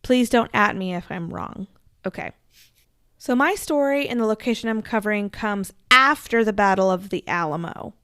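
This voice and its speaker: A woman's voice: mid-range voice, normal speed, fairly bright tone, clean tone, no echo, studio quality. A woman co-hosting a podcast, telling a story in a casual, chatty way with frequent laughs. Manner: chatty, laughs often, self-deprecating asides. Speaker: podcast co-host.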